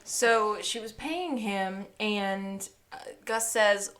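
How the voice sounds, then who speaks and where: Chatty woman recapping with a higher voice. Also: slow, a bit bright, a little hiss or hum. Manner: chatty, laughs often, acts out quotes. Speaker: podcast co-host. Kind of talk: casual episode recap chat.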